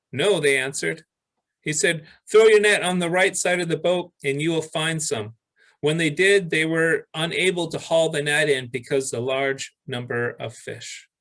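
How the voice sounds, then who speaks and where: A male pastor preaching a sermon, reading scripture aloud with pauses and restarts. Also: on the high side, a bit bright, poor audio.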